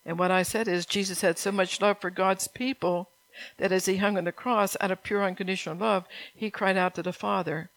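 A woman's voice: mid-range voice, steady tone, a little fast, no room sound, rough recording. A woman preaching a sermon in a folksy, earnest way, often laughing between points.

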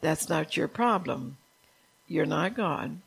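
Speaking slowly in a low, gravelly, slightly rough voice, an older woman runs a casual Bible study with plenty of animation. She tells stories from her own life in a chatty, testimonial way and asks the group questions.

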